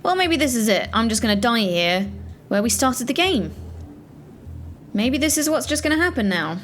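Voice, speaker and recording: A woman's voice: fairly high pitch, big pitch swings, moderate pace, fairly bright tone, a little hiss or hum. A woman hosting a let's play, commenting on a game in a flustered, exclamatory way with many fillers.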